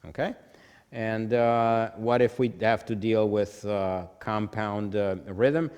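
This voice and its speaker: A man's voice: fairly low pitch, steady tone, slow pace, a little mellow, smooth, in a large hall. A man teaching music theory at a board, explaining step by step, often checking "okay?" and chanting rhythms on "ta". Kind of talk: whiteboard lesson.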